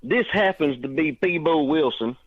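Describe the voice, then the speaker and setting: A man's voice: on the high side, moderate pace, phone-quality sound, a crowd in the background. A man with a Tennessee accent calling into a radio show, talking in a drawling, folksy, wry way. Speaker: caller. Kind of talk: casual radio call-in banter.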